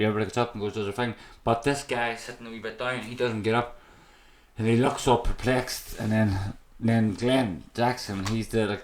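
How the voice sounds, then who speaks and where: An Irish man telling his own story as a podcast guest, raw and emotional and swearing constantly. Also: mid-range voice. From Ireland. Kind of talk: candid personal storytelling. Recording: echoey room.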